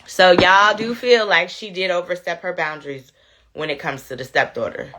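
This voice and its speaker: A woman with a low-pitched voice hosts a casual livestream while she has a cold. She chats loosely with her viewers, often tossing in "you know what I'm saying.". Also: moderate pace, a bit bright, slight background noise. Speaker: livestream host. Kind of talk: casual livestream chat, reading a viewer's story.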